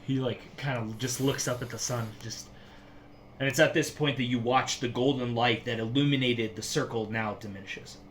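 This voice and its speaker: A man narrating a tabletop game as game master, describing scenes slowly and vividly. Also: medium pitch, fairly even intonation, fairly bright tone, slight background noise.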